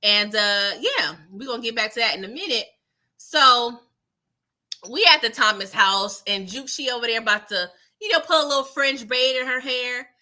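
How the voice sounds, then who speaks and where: A woman runs a casual live recap in a high, very bright voice. She talks in an animated, chatty way, with a lot of pitch movement, laughs often, and keeps tossing in "okay?" to her viewers. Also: normal speed. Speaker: TV show recapper.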